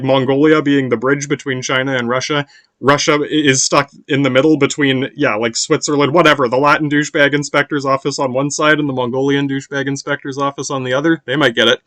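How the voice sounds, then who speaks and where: A man's voice: medium pitch, bright, forceful tone, no echo. A man in a rambling, casual monologue as a podcast host, swearing often and restarting his sentences. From United States. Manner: rambling, profane, sprinkled with "yeah" and restarts.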